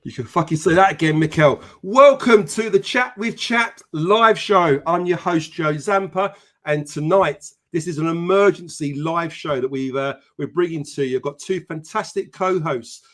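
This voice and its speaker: A man's voice: a little high, normal speed, a bit bright. A man hosting a casual live-stream podcast, swearing freely and greeting viewers by name. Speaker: podcast host.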